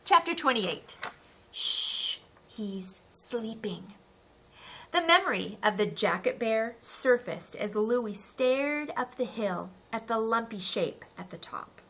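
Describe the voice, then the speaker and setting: Brief: woman audiobook narrator for a children's novel, unhurried, bright and expressive. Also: on the high side, a little hiss or hum. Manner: expressive, acts out the characters' cries.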